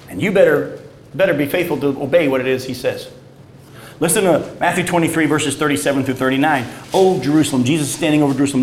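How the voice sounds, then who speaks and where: Animated preaching man, echoey room. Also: a little hiss or hum. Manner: animated, swings from loud emphasis to low, quiet stresses. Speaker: pastor. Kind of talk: sermon with scripture reading.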